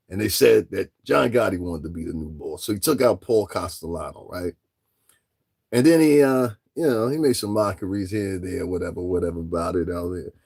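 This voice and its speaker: A man's voice: low-pitched, vocal fry, slightly rough. A man giving casual commentary as a vlogger, talking straight to his listeners and firing off taunting rhetorical questions. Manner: addresses listeners directly.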